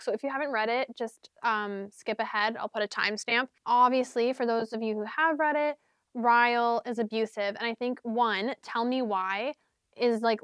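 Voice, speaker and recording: A woman's voice: on the high side, clear, resonant tone, no echo. A young woman talking casually about books and songs for her vlog, rambling with lots of fillers and sometimes half-singing lyrics. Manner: chatty, rambling, many fillers and "like"s. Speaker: book vlogger. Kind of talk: casual chat.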